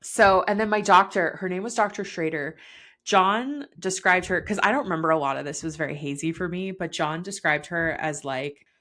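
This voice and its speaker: A young woman tells a personal story in an easygoing chat, her voice sitting a bit low for a woman. She talks loosely, with plenty of "like", frequent laughs and lively quoted lines. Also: moderate pace. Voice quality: chatty, peppered with "like", laughs often. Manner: quotes herself and others in animated bursts. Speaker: podcast guest telling her birth story. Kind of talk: casual chat.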